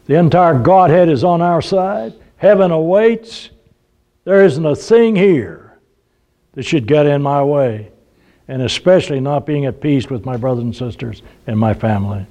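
Older guy preacher, mellow low-key voice, folksy storytelling sermon. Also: lively intonation, unhurried. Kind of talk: sermon with humorous stories.

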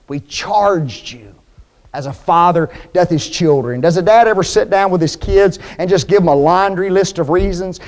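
A man with a high voice delivers a sermon as a preacher. He leans into key words and keeps asking his listeners rhetorical questions. His tone swings between raised emphasis and quiet, low endings.

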